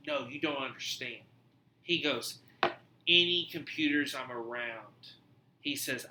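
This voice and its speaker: A man hosting a podcast, telling a story in a casual, animated way, swearing freely and acting out what people said. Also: mid-range voice, roomy sound, a little hiss or hum. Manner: animated, profane, acts out quoted dialogue. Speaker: podcast host.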